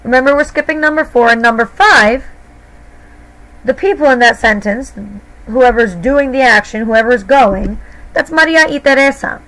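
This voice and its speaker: High-voiced woman teaching Spanish grammar. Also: normal speed, a bit bright, rough recording. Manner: patient, explains step by step with classroom fillers. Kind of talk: recorded classroom grammar lesson.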